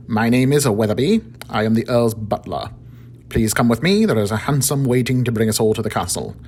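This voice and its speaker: Storybook: male reader as dour Victorian butler, formal, husky. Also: medium pitch, lively intonation, a little fast, a little mellow. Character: stiff Victorian butler, portly middle-aged man.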